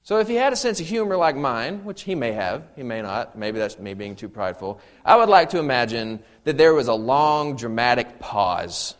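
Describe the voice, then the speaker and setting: Male pastor, mid-pitch voice, conversational sermon delivery with humor and dramatic readings. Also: big pitch swings, normal speed, few pauses. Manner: conversational preaching with asides and humor; reads scripture aloud with dramatic emphasis.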